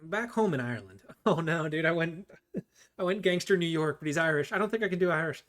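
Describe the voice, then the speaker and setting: A man hosting a let's play, joking and thinking out loud as he plays. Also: fairly high pitch, brisk. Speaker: gameplay host.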